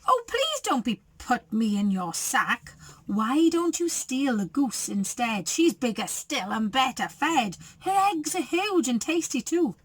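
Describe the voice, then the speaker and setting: Woman putting on a high sweet duck, coaxing and friendly, storybook voice. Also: big pitch swings, measured pace, breathy edge, heavily acted. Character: soft persuasive female farm duck.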